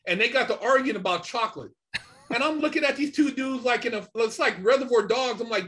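A man's voice: extremely high pitch, a little fast, fairly bright tone. A man, a podcast guest, telling a story in a casual, slangy way, full of "man" and "you know".

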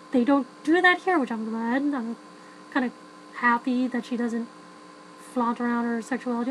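Woman rambling thru a film review, kinda high voice, faint hum behind. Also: low-quality recording. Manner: chatty, frank, many fillers and restarts, laughs often. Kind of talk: casual spoken film review.

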